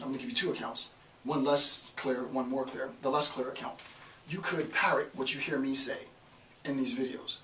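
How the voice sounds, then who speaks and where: Echoey, bright-voiced man lecturing. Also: mid-range voice. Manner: conversational, repeats phrases for emphasis. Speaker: philosophy lecturer. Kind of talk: informal recorded lecture. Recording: echoey room, mic at a distance, faint hiss.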